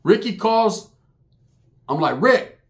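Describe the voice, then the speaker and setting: A young man telling a comic story about his family, profane, animated and full of slang. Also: a little high, fairly quick. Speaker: comedian storyteller.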